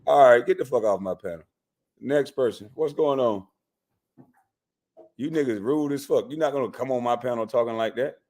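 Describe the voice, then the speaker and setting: A male host of a live call-in stream talks back to his callers in a blunt, profane, heated way. His pitch sits in an ordinary middle range. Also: moderate pace, long pauses, darkish tone.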